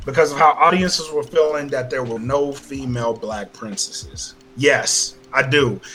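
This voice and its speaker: A man hosting a casual podcast, ranting loudly with heavy swearing. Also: on the high side. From Louisiana. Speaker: podcast host. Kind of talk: casual chat.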